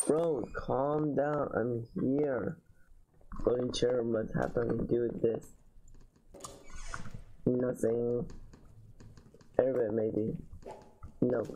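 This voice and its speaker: A man's voice: medium pitch, level tone, takes it slowly, pauses often, mellow, dull audio, a little hiss or hum. A man giving casual let's-play commentary, chatty and slangy, talking to fellow players. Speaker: gamer.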